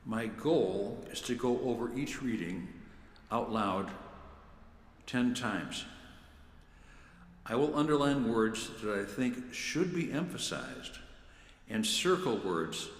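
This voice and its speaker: A man who serves as a church lector, giving a measured, deliberate talk on how he prepares scripture readings. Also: lowish voice, lively intonation. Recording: echoey room with long reverb.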